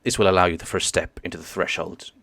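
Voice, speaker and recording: A man voicing a calm, cryptic psychic entity. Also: low voice, fast, gravelly, no echo. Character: mysterious psychic entity speaking into the mind.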